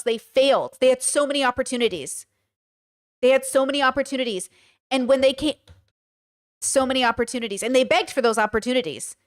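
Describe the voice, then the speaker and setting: A woman hosting a reaction stream, talking emphatically and repeating her points. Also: on the high side. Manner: emphatic, repeats herself, acts out quotes. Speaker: streamer host.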